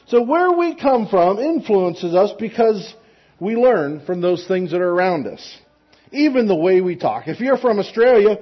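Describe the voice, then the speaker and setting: A man's voice: sits high, sing-song, measured pace, lo-fi sound. A pastor in a church giving a casual children's sermon, asking the kids questions as he goes. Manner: casual, conversational, with rhetorical tag questions.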